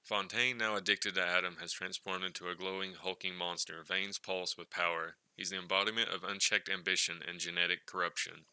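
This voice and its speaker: A man giving scripted narration for a video retrospective, in a steady, explanatory manner. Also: deep voice, a little fast, hardly any pauses, clear, resonant tone, dry recording, rough recording.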